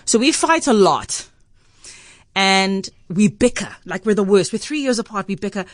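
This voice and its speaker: A South African woman radio host telling a story in an animated way, acting out the voices in it and laughing often. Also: mid-range voice, normal speed, no room sound.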